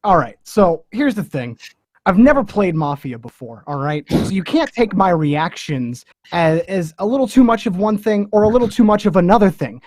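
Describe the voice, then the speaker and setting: A theatrical man who never stops talking, his voice swinging widely up and down at a middling pitch. He speaks into a video-call mic with a dry sound and no room echo. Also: normal speed. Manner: excitable, theatrical. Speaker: game player. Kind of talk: casual game banter.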